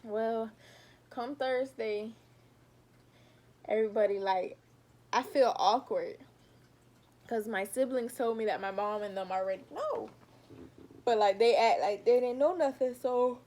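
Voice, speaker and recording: A woman's voice: fairly high pitch, unhurried, pauses often, dark tone. A young adult woman vlogging a casual storytime, talking straight to her viewers and animatedly retelling what happened.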